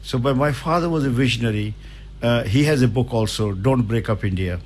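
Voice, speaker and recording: A man's voice: mid-range voice, fairly quick, a little mellow, slight background noise. An older man speaks as a guest in a radio studio. His delivery is earnest and emphatic, with a motivational push behind his points. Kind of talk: radio interview.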